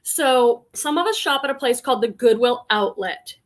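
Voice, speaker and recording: A woman from Boston hosting a casual live stream, chatting warmly and greeting viewers one by one as she reads the chat aloud. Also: fairly high pitch, expressive, normal speed. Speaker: live stream host and online reseller.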